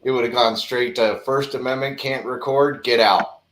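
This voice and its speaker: A man hosting a loose livestream chat at a mid-range pitch, his voice carrying a roomy echo. He rambles, strings sentences together with filler words and chuckles between thoughts. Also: fairly even intonation, moderate pace, fairly bright tone. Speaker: livestream host.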